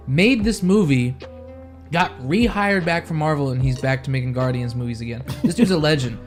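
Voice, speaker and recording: A man's voice: medium pitch, lively intonation, moderate pace. A young man co-hosting a podcast, chatting casually with brash swearing and teasing. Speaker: podcast co-host. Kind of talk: casual chat. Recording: music playing underneath.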